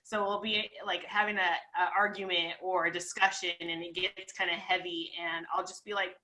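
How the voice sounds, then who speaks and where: A woman with a bright, crisp voice talks openly on a podcast. She is reflective and pauses with fillers while she gathers her thoughts. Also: on the low side, level tone. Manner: candid, reflective, trails off with fillers. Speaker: podcast co-host, martial arts competitor. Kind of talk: casual podcast chat.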